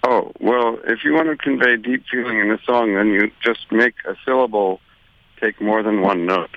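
A man, a songwriter, answering questions on a phone call in a dry, deadpan way. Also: fairly low pitch, moderate pace, no room sound. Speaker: songwriter guest. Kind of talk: phone interview. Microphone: telephone. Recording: muffled phone line.

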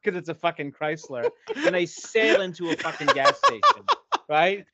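A man's voice: high-pitched, wildly swooping pitch, normal speed, sharp tone, no echo. A man on a podcast, telling a long profane story with lots of acted-out voices. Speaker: podcast co-host. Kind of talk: casual storytelling chat. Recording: dry, dull lo-fi podcast audio.

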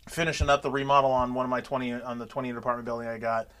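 A man's voice: mid-range voice, racing, smooth. A man telling stories in casual chat, swearing freely and acting out quotes. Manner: profane, animated storyteller acting out quotes. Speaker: podcast co-host.

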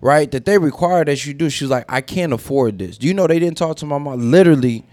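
A man's voice: on the high side, fast talker, darkish tone, no echo. A man on a casual podcast, animatedly telling a story, acting out quotes and swearing freely. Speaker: podcast co-host.

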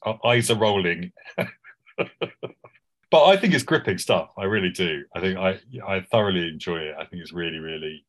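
Male podcast co-host, deep voice, chatty and enthusiastic. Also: fairly bright tone. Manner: enthusiastic, rambling with restarts. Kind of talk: casual chat.

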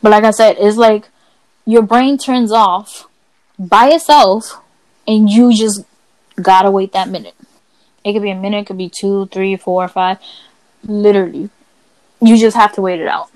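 A woman co-hosting a podcast, telling stories in a blunt, profane, animated way. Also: medium pitch, normal speed, pauses often, no echo, rough recording. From Latina. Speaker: podcast co-host. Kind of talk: casual chat.

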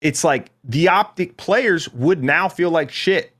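A man co-hosting an esports podcast, talking casually in rambling, animated bursts with restarts and swearing. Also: fairly high pitch, slow. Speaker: podcast co-host.

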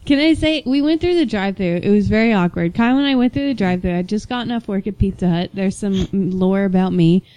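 A woman's voice: mid-range voice, fast, hardly any pauses, clean tone, no room sound. A young woman chatting casually, telling stories and acting out what people said. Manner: animated storyteller, acts out quoted voices. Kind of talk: casual chat.

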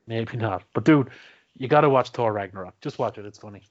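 A man's voice: on the low side, brisk, dull audio. A man casually chatting about his favourite movies as a co-host. He laughs often, restarts his sentences and swears. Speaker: podcast co-host.

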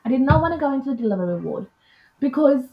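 A woman, a podcast guest telling a personal story in a lively, chatty way, often acting out what people said. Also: high-pitched, racing, highs cut off, slight background noise. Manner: lively, chatty retelling with quoted dialogue. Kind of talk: casual storytelling.

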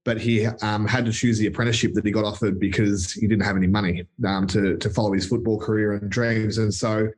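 An Australian man being interviewed as a company chief, speaking in a relaxed, thoughtful way with frequent pauses. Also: lowish voice. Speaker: company CEO, guest. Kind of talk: casual interview chat.

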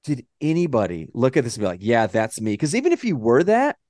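Swearing, animated Texan man ranting. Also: mid-range voice, fast, no echo, clean studio sound. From Texas. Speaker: podcast co-host. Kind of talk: casual movie-review chat.

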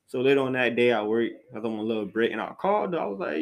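A man's voice: medium pitch, lively intonation, rapid-fire, creaky, few pauses. A man hosting a podcast, ranting casually about what he hates, rambling and repeating himself with blunt, profane slang. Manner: restarts sentences often, with lots of "like" fillers. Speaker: podcast host. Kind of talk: casual solo rant.

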